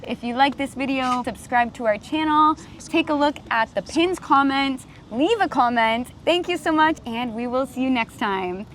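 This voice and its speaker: An American woman hosting a casual chat outdoors in a park, lively and chatty. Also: sits high, slight background noise. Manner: lively, chatty, quick questions. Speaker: host.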